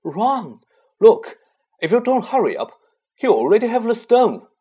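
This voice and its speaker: A man voicing a determined teenage boy, speaking urgently and insistently in a husky voice. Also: extremely high pitch, very animated, unhurried, dark tone, pitched above the performer's own voice, heavily acted. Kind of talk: audiobook reading.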